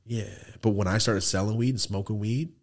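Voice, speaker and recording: A man hosting a studio podcast, telling animated stories and acting out the people in them. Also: on the low side, brisk. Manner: animated storyteller, acts out quoted people, swears freely. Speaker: podcast host. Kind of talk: casual storytelling chat.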